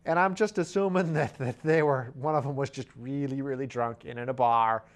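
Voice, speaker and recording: A man's voice: mid-range voice, a little fast. A man hosting a podcast, telling a rambling, wry comic story and slipping into silly voices for the people in it. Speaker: podcast host. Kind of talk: casual comic monologue.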